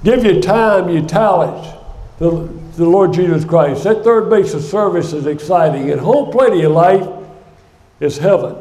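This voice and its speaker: An older man preaching a sermon in a church, telling a story with animated energy. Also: sits high. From United States. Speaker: guest speaker. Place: church sanctuary. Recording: echoey church sanctuary.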